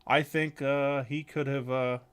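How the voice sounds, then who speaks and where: A man's voice: mid-range voice, level tone, measured pace, clean tone. Young man running down coaching news. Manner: reads through coaching news, many fillers, swears. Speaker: podcast host. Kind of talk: casual chat.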